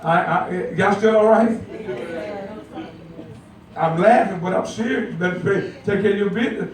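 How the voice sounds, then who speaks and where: An older man preaches in a folksy, joking way, leaning on call-and-response with his flock. His voice sits high for a man, and it sounds like it was picked up from well back in a very echoey church sanctuary. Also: normal speed, a crowd in the background. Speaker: pastor. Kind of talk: sermon. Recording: echoey church heard from far off.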